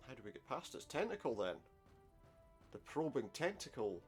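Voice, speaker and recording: A man's voice: medium pitch, very animated, moderate pace, faint music behind. A man playing through an adventure game, commenting wryly and reading the dialogue aloud. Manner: wry, sarcastic asides. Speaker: let's play gamer.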